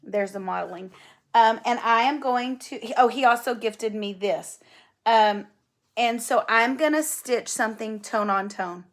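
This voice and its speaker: A chatty woman with a drawl talks to her viewers in a casual show-and-tell. She gushes over each item with excitement and keeps the talk loose and friendly. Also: a little high, unhurried. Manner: gushing, enthusiastic, chatty. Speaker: flosstube host.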